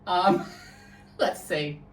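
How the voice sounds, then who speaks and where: A woman, co-hosting a casual chat podcast, animated and laughing as she tells stories. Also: lowish voice, extremely slow, crowd noise. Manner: giggly, animated storyteller who mimics quotes. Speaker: podcast co-host. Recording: echoey room, mic at a distance.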